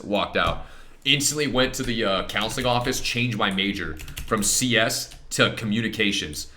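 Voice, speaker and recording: A man's voice: on the low side, sharp tone. A young man in his twenties, a streamer, telling a blunt, profane story in casual chat from his home setup at a desk mic.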